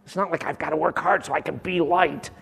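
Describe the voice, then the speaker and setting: A man preaching a sermon with great passion, swinging from loud bursts down to near whispers. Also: fairly high pitch, fairly even intonation, brisk, vocal fry, breathy edge, big-room sound.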